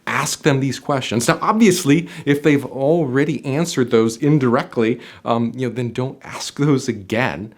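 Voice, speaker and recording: A man coaching viewers on job interviews, talking straight to the camera, swinging his voice up and down and dropping soft for emphasis. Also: medium pitch, moderate pace, hardly any pauses. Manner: animated, varies loudness and softness for demonstration. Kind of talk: instructional video talk to camera. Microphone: on camera, speaking to viewer.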